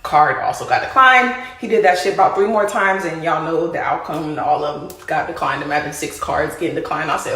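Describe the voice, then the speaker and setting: A woman casually telling a story to her viewers, animated and speaking to them as y'all. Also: sits low, a little fast, hardly any pauses. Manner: animated, addresses listeners as y'all. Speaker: storyteller in a played clip. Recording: roomy echo.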